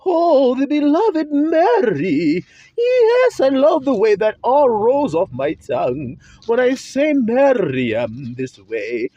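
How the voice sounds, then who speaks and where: A man's voice: very high-pitched, huge pitch swings, slow pace, mellow, dry recording, voice pushed up, full character voice. A man voicing a gushing, overly pious devotee who drawls every word in a swooning, theatrical way. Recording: dull lo-fi recording.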